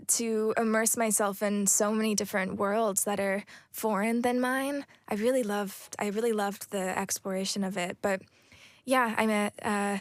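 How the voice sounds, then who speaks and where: A young American woman in her twenties, an actress answering interview questions in a soft, thoughtful way with many pauses and restarts. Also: medium pitch, dry recording. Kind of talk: casual interview chat.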